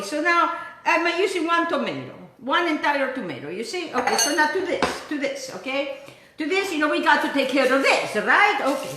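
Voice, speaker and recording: Bright chatty Italian woman cooking. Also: sits high, echoey room, a little hiss or hum. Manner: chatty, playful, talks to viewers while cooking. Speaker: cooking show host. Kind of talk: casual cooking demonstration. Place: home kitchen.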